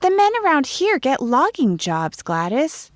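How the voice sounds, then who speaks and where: A woman voicing an excitable young schoolteacher, asking eager exclamatory questions. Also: sits high, unhurried, no room sound, studio quality, pitched above the performer's own voice.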